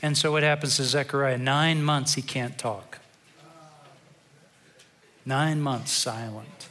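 A male pastor giving a sermon in a conversational, storytelling way, turning quiet and reflective at times. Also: medium pitch, steady tone, slow.

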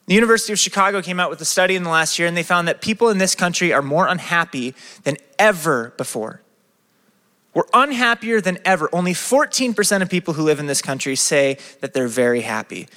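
A man preaching a lively sermon, asking his listeners question after question. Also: sits high. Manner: lively, asks the crowd many questions. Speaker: pastor. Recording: long reverb of a hall.

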